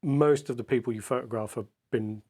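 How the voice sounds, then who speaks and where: A man hosting a podcast, asking his guest thoughtful questions at a measured pace. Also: mid-range voice, dark tone, slightly rough. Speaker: podcast host. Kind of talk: interview questions.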